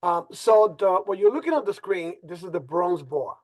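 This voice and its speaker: A man with a Spanish-speaking accent co-hosting an online presentation on a video call, animated and fond of repeating his phrases. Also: high-pitched, moderate pace. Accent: Spanish-speaking accent in English. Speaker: co-host presenter. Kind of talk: casual webinar presentation.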